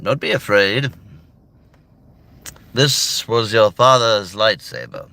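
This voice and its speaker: A man playing a dignified old Jedi hermit who speaks gently and slightly nasally. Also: fairly low pitch, animated, slow pace, creaky, voice pushed up, full character voice. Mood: kindly.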